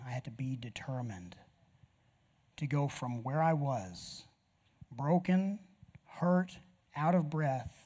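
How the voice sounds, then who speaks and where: A man's voice: fairly high pitch, mellow, husky. A man preaching an earnest personal testimony sermon in a church, speaking straight to his listeners. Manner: earnest, personal storytelling with direct appeals to listeners.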